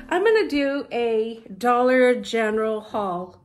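A woman's voice: on the high side, takes it slowly, fairly bright tone, faint music behind. A woman chatting through a casual shopping haul vlog at home, bubbly and talkative, keeps addressing viewers as "you guys". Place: at home, with her mother nearby. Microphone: propped-up phone camera.

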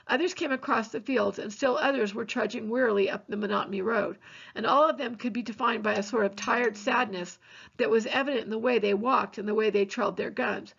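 A woman teacher reading a novel aloud in a steady, earnest way with occasional small slips. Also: a little high, gravelly, breathy edge. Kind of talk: novel read-aloud narration. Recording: dull lo-fi recording.

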